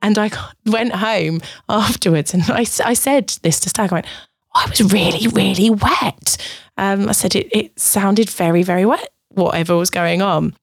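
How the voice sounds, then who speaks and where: A woman's voice: medium pitch, moderate pace, few pauses, no room sound, studio quality. A woman, a podcast guest in candid casual chat, giggly and self-conscious with many fillers.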